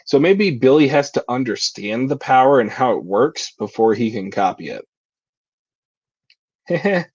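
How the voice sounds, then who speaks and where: A man's voice: medium pitch, very animated, measured pace, darkish tone, husky, dry recording, muffled recording. A man hosting a live stream, reading manga aloud and sharing thoughts with giggly, thinking-aloud asides. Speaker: reaction stream host.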